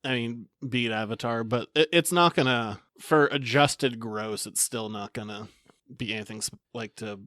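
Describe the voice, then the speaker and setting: A man's voice: mid-range voice, normal speed, a bit bright, no echo. Chatty male podcast host, dry sound. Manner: chatty, rambling news rundown with fillers. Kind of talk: casual chat.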